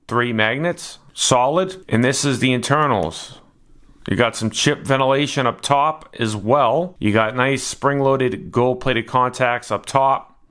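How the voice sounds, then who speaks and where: A man's voice: mid-range voice, a bit bright. Laid-back man reviewing gear. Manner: laid-back, matter-of-fact, plain-spoken. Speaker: product reviewer. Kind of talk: casual product review narration.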